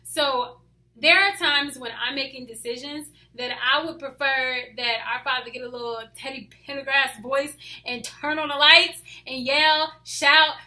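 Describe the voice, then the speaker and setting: A woman talking casually about her faith, hyper and animated, often dropping to soft asides. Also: sits high. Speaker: faith vlogger. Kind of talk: casual devotional talk to camera.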